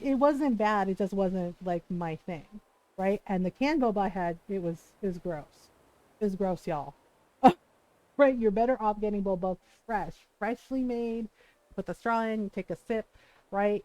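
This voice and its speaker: A woman's voice: fairly high pitch, no room sound, poor audio. A woman streamer chatting casually while playing a game, telling stories animatedly, cursing freely and quoting people. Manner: animated storytelling, swears freely, quotes people in voices. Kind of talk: casual chat while gaming.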